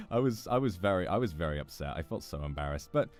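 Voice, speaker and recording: A man's voice: low-pitched, fairly quick, faint music behind. British man telling a casual story. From Britain. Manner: swearing, laughing often, animated retelling. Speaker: streamer.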